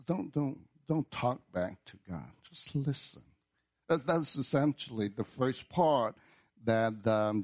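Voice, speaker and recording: Slow, deliberate male preacher. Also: mid-range voice, a little mellow. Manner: slow, deliberate preaching with repeated words and emphatic restarts. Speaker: pastor. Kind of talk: sermon. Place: church.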